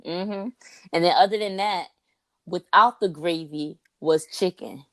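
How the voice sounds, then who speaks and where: Animated young woman, dry studio sound. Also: on the low side, measured pace, no echo. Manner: animated storyteller, slangy, says "like" and "bro" often. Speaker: podcast co-host. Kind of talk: casual chat.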